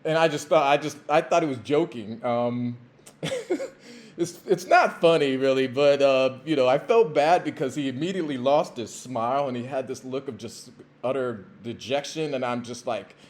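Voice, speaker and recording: A man hosts a podcast and tells a story in a relaxed, casual way. He rambles and halts, repeats himself, and fills gaps with "uh" and "you know." His voice sits at a middling pitch. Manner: rambling, halting, many fillers and restarts. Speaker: podcast host, former pro football player.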